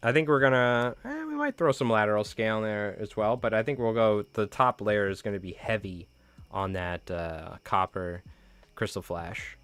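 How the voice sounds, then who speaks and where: A man's voice: fairly low pitch, lively intonation, moderate pace, fairly bright tone, clean tone, no room sound. A man hosting a live fly tying stream, chatting casually in slang with viewers while he ties.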